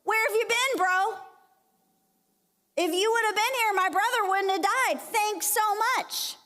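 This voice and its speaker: A hopping-mad, heartbroken sister snapping back, high and sarcastic, in a big echoey church, as a woman preacher puts her on. she rushes her complaints out in a hurry. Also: pushed and bright, full character voice. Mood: indignant. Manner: indignant, sarcastic, hurried. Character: angry grieving woman confronting a late friend.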